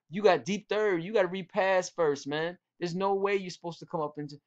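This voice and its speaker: A man's voice: high voice, normal speed, muffled recording. A man who coaches football, talking casually to young players, telling stories with quoted exchanges in a laid-back, slangy way. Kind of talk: casual instructional talk.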